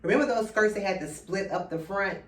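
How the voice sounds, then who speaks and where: A woman in her thirties delivers an earnest personal monologue aimed at men, her mid-range voice moving a little fast. She addresses her listeners directly and keeps returning to the same phrases. A distant mic gives the recording a roomy sound.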